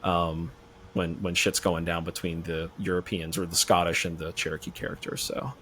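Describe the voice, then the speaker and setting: Man, deep-ish voice, podcast guest, casual, rambling, easygoing. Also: normal speed. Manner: relaxed, rambling storytelling. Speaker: filmmaker guest.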